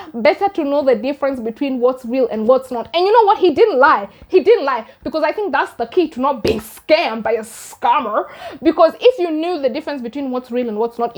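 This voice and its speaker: A young woman with a Kenyan accent and a high voice tells a true crime story for her channel. She is sarcastic and keeps firing off disbelieving rhetorical questions at the people who were fooled. Her talk stays loose and chatty. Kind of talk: casual commentary on a crime case.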